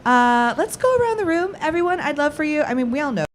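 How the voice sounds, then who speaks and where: A woman's voice: high voice, big pitch swings, fast, a little hiss or hum. A woman hosting a live panel chat at a trade show lounge, upbeat and playful, laughing often. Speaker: host.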